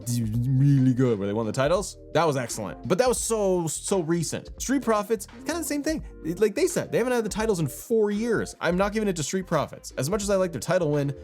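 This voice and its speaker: A man's voice: high voice, very animated, fast talker, hardly any pauses, darkish tone, soft background music. A young man hosting a wrestling channel, talking in a casual, rambling way with lots of restarts. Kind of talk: casual commentary.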